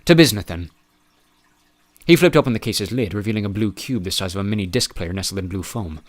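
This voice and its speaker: A man reads a novel aloud in a measured, even way. His narration is steady and unhurried between the character voices. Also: fairly low pitch. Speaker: audiobook narrator. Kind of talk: scripted narration.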